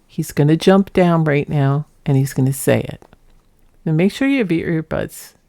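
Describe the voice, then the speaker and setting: A woman's voice: sits low, moderate pace, warm tone, dry recording, clean studio sound. A woman narrating her own home footage in a chatty, rambling way, laughing now and then. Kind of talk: casual voice-over narration.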